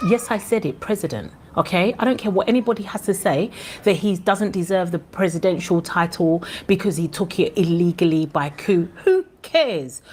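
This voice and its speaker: A woman's voice: medium pitch, a little mellow, slight background noise. A woman from Ghana with a Ghanaian accent, giving an impassioned commentary vlog in a passionate, indignant way. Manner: passionate and indignant, with fillers and restarts. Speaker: vlogger.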